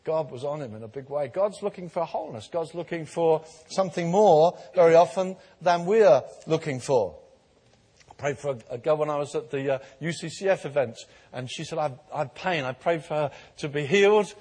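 A man preaches a sermon in a large hall, his slightly high voice husky and breathy. He tells stories with mounting emphasis, and the long reverb of the room hangs after his words. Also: normal speed. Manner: storytelling, growing animated and emphatic.

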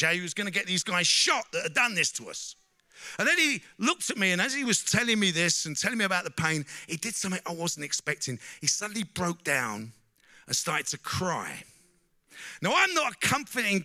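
A middle-aged man giving a personal testimony to a church audience, a lively storyteller who keeps asking the crowd questions and saying "you know?". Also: sits high, fairly quick, no echo, studio quality.

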